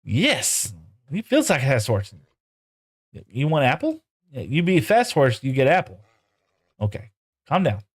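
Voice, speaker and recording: A man's voice: medium pitch, huge pitch swings, unhurried, pauses often. A man live streaming a game, chatting casually, answering viewers and talking to the animals in playful broken baby-talk. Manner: answers chat messages aloud while playing.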